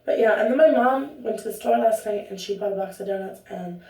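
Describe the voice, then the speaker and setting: A woman's voice: medium pitch, brisk, a little mellow. A young woman vlogging at home, talking casually to the camera in a rambling, chatty way that keeps interrupting itself. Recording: roomy echo, distant from the mic.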